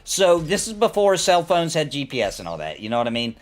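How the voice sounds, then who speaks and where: Hosting a casual gaming chat, a man in his thirties tells an anecdote animatedly, often throwing in "you know what I mean." His voice is fairly high and a little fast.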